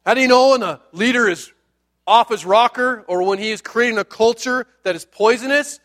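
A man's voice: very high voice, normal speed, fairly bright tone. A man, a pastor, giving a sermon in a conversational, jokey way with asides to the listeners.

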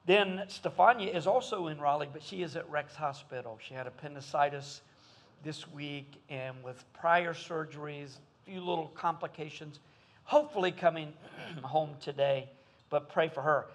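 Folksy pastor, higher voice. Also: male voice, moderate pace. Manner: folksy, conversational. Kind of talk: sermon.

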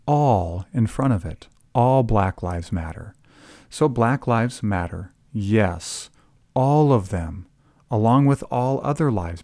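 A man hosting a commentary podcast, speaking emphatically and slowing down to stress key phrases. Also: fairly low pitch, a little mellow, no echo, clean studio sound. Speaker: podcast host.

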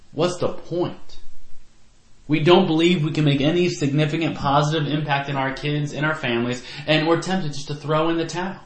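A man preaching a sermon to parents as a youth pastor, earnest and reflective, with personal stories. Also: fairly high pitch. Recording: echoey room.

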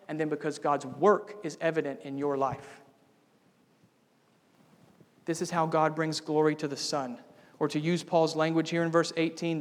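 A man preaching a sermon as pastor, building to bold, emphatic declarations. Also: a little high. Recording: long reverb of a church hall.

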